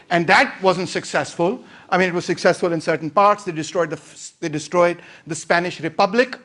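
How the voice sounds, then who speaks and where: A man giving a casual, sarcastic lecture, switching between English and Hindi-Urdu. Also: high-pitched. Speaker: lecturer on a book.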